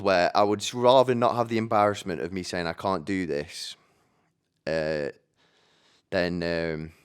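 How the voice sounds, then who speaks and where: A man's voice: sits low, clear, resonant tone. A man hosting a solo podcast, rambling chattily into a microphone with many restarts and casual swearing. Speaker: podcast host. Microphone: studio microphone.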